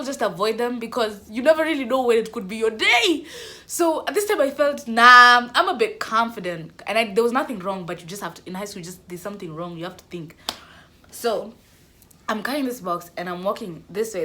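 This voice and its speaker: A young woman telling a funny story from school in an animated, dramatic way. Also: a little high. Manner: animated, dramatic, laughing a lot. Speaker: vlogger. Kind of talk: storytime vlog.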